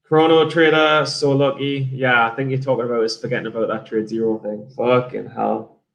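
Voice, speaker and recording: A man's voice: medium pitch, little pitch movement, normal speed, gravelly, fairly bright tone, muffled recording. A man from England with an English accent, chatting casually on a livestream about his trades and reading out viewer messages. He rambles, swears freely and often restarts his sentences. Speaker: day trader streamer.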